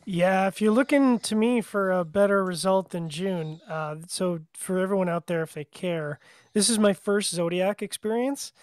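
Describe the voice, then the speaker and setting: Male co-host from Canada, high voice, chatty and joking, dry close sound. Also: moderate pace, clean tone, no room sound. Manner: chatty and joking, many fillers. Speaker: podcast co-host. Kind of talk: casual podcast chat.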